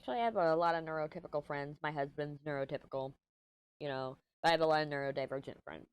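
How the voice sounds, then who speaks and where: Her voice is deep, quick, clear, and resonant: a middle-aged woman from Texas, speaking with a Texan accent as she makes crafts. As a craft vlogger she chats loosely, hops from one topic to the next, throws in casual swearing, and sounds a little stuffed up.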